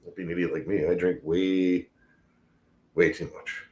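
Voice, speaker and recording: His voice is low and a little mellow, delivered flatly at a moderate pace. He's hosting a laid-back livestream, drifting from point to point about his trade work and cursing nonstop.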